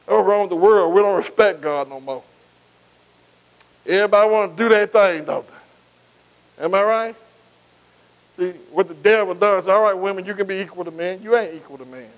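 A preacher with a high voice delivers a repetitive, emphatic sermon on a rough recording. Again and again he calls for the congregation to answer, complete his lines, and affirm they're with him.

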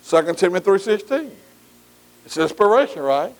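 A man's voice: high-pitched, big pitch swings, normal speed. A man. He talks to the congregation in a folksy way, with call-and-response and many amens. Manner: folksy call-and-response preaching, frequent "amen". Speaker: pastor. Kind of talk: sermon.

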